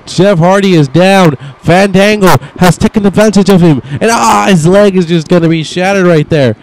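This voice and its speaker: Young man doing smooth wrestling-game commentary. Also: high voice, moderate pace, poor audio. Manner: casual, swearing, voicing wrestlers' thoughts in asides. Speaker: gameplay commentator. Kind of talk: mock wrestling play-by-play over a video game.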